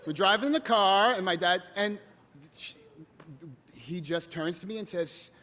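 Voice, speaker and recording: A man telling a comic personal story live on stage, animated. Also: high voice, measured pace.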